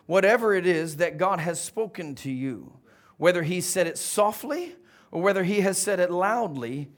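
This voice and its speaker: Male preacher, lively storyteller, voice a bit on the high side. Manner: animated storytelling, swings from quiet to loud. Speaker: pastor. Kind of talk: sermon.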